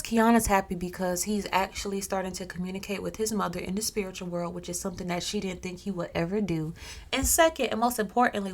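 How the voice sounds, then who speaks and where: Brief: casual woman storyteller, chatty, full of asides. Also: fairly low pitch.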